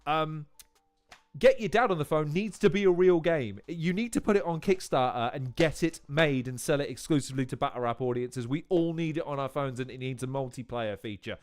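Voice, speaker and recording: A man's voice: on the high side, a little fast, faint music behind. A man hosting a live-stream watch-along, talking in profane, rambling tangents. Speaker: host.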